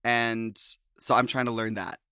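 A man's voice: mid-range voice, a little slow, clear, resonant tone, no room sound, clean studio sound. A man from Minnesota hosting a podcast, chatting casually with frequent laughs. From USA, Minnesota. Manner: chatty, laughs often, animated asides. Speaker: podcast host. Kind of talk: casual chat.

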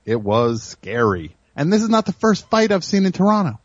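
A man's voice: high-pitched, sing-song, normal speed, no echo, muffled recording. A man hosting a comedy radio show in a studio, rambling through stories and teasing his crew. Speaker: host.

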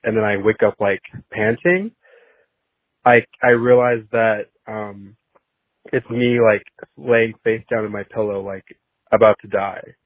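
A man's voice: fairly low pitch, unhurried, no echo. Rambling male caller on a tinny phone line. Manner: rambling, heavy use of filler "like". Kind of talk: call-in voicemail.

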